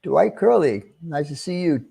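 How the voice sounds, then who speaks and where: A man's voice: a little high, lively intonation, unhurried, creaky, mellow, breathy edge. Chatty New York man greeting viewers. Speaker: livestream host. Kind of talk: casual livestream chat.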